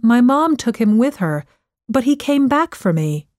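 A woman reading aloud, voicing a frightened young girl in a high, pleading voice. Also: very animated, measured pace, darkish tone, dry recording, clean studio sound. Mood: anxious.

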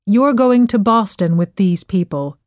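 A woman voicing a male soldier who gives firm, clear instructions, read slowly in an audiobook. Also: medium pitch, lively intonation, darkish tone, no room sound, studio quality, close to an everyday voice. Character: brisk, helpful male army soldier.

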